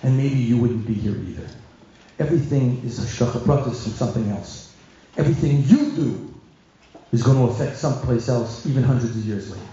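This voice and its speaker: Joking middle-aged rabbi in an echoey hall. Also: male voice, mid-range voice, dark tone, a little hiss or hum. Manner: joking, chatty, quick asides. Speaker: rabbi giving a guest talk. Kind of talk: humorous storytelling talk. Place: large echoey room at a community event. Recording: echoey hall, dull lo-fi sound.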